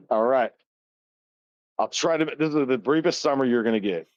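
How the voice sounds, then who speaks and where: A man's voice: mid-range voice, normal speed, a little mellow, no room sound. Man in his thirties, casual podcast storyteller, heavy swearing, frequent laughs, dry dull lo-fi sound. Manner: swears constantly, laughs often, retells Bible story loosely. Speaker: podcast co-host.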